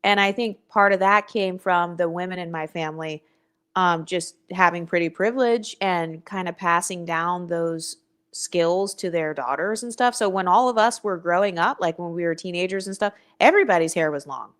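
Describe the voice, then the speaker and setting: A woman's voice: fairly low pitch, moderate pace, a bit bright, clean tone. A young woman hosting a casual livestream, talking bluntly and with attitude, swearing freely and reading viewer comments aloud. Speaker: livestream host.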